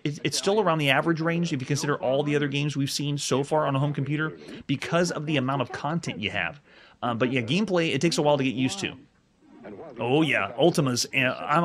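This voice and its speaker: A man's voice: medium pitch, fairly bright tone. A man hosting a retro video game show, chatting casually while he plays and rates each game, often restarting his words as he goes. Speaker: host reviewing retro games. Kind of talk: casual gameplay commentary.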